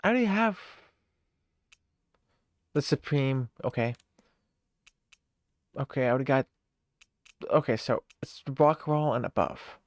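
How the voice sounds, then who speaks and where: A game streamer casually talking through a live stream, reading in-game text aloud, thinking out loud and laughing easily. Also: mid-range voice, very animated, unhurried, pauses often, dry recording, studio quality.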